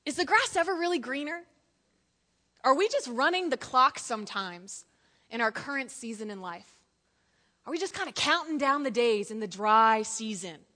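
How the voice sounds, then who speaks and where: A woman preaching a lively sermon in church, telling jokey stories and acting out quotes. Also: high-pitched, moderate pace.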